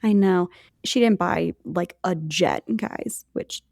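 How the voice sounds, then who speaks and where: A woman's voice: on the low side, takes it slowly, vocal fry, a little mellow, dry recording, clean studio sound. A woman co-hosting a podcast, telling a history story in a chatty way with jokey asides to her co-host.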